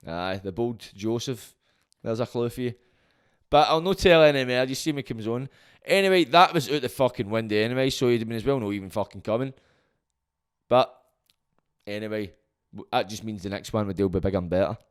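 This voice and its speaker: Glaswegian man, young, podcast host, crude rambling chat, clear smooth voice, middle pitch. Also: a little fast, long pauses. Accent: Scottish, Glaswegian. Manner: rambling, crude, swears a lot, jokey asides. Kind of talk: casual solo podcast chat.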